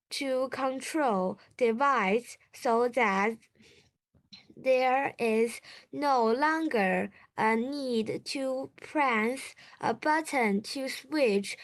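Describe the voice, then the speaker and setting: Very slow woman reading aloud. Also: sits high. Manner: halting, restarts hard words. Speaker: English learner.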